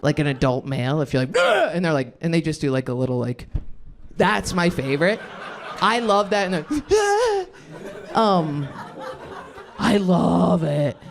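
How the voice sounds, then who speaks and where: A woman's voice: deep voice, sing-song, normal speed, creaky. A woman in her thirties doing crowd-work stand-up comedy on a club stage, rambling, cutting herself off and laughing at her own jokes. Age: 30s.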